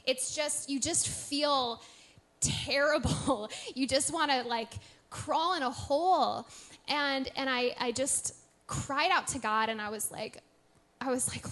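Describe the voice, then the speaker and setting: A woman in her thirties sharing a candid faith testimony, earnest and reflective, with soft nervous laughs. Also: high voice, slow pace. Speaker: podcast co-host sharing testimony.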